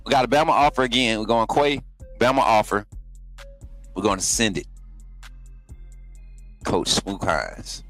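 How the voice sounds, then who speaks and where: A man's voice: fairly low pitch, expressive, unhurried, pauses often, fairly bright tone, soft background music. A man hosting a live stream who chats loosely with his viewers and then poses as a polite recruiting coach on a prank phone call. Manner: loose, chatty, talks to live chat.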